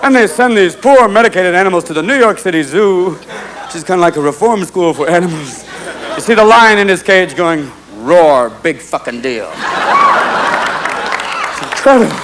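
A male stand-up comedian doing a fast, manic routine full of impressions. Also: high-pitched, lively intonation, noisy background. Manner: rapid impressions, swerving between silly voices. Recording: live club with loud crowd laughter. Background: audience laughing.

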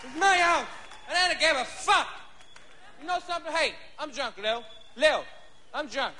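A man's voice: extremely high pitch, animated, moderate pace, pushed and bright, a faint crowd, a little hiss or hum, pitched above the performer's own voice, heavily acted. A man voicing a drunk, belligerent father ranting at home in a stand-up bit.

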